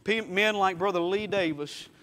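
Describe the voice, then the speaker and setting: Male preacher, high voice, folksy testimony storyteller. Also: normal speed, sharp tone. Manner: folksy storytelling, acts out quotes. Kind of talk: sermon testimony.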